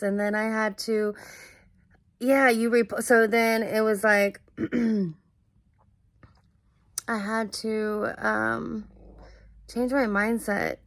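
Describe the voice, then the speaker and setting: A young woman talking about her own experiences in a halting, earnest way, full of fillers and restarts. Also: a little high, no echo. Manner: earnest and searching. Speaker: vlogger. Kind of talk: casual personal monologue.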